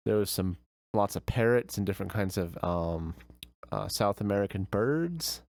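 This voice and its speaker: A man's voice: fairly low pitch, expressive, normal speed, vocal fry, darkish tone. A young man streamer telling a vacation story in casual, rambling chat with many fillers.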